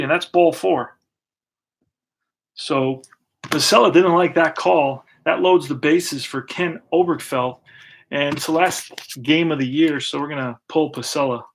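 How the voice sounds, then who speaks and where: A man's voice: medium pitch, creaky, slight background noise. A man hosting and narrating a tabletop baseball replay in a casual play-by-play style, thinking aloud as he rolls dice and pulls cards. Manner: relaxed, thinks aloud while rolling dice and pulling cards.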